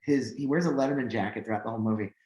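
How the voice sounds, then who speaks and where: A podcast co-host chats casually, rambling with plenty of fillers and getting animated when excited. His medium-pitched voice races along, and the audio is dull and echoey, as in a reverberant room.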